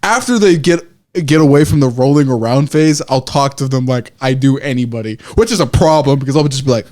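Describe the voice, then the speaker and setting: A young man co-hosting a podcast, chatting in an animated, rambling way and swearing casually. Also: medium pitch, fairly quick, hardly any pauses. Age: young adult. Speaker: podcast co-host.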